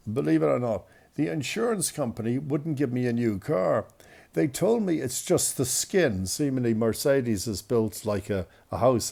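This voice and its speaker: Gravelly older Irish storyteller. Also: male voice, medium pitch. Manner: rambling, self-mocking, gets excited at punchlines. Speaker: vlogger telling stories. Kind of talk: casual storytelling.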